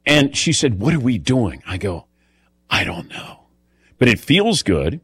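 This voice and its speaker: A man of middle pitch hosts a talk radio show, chatty and anecdotal. His voice is close and dry, with no room around it. He tosses the talk to his co-hosts often. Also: sing-song, moderate pace, a bit bright, breathy edge, no echo. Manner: chatty storyteller, calls on co-hosts by name. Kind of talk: casual radio show chat.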